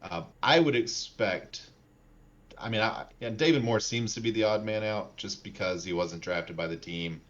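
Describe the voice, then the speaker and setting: Podcast co-host, male, very low voice, easygoing rambling delivery, dull lo-fi recording. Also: moderate pace. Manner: relaxed, rambling with fillers. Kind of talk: casual sports podcast chat. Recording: dull lo-fi mic.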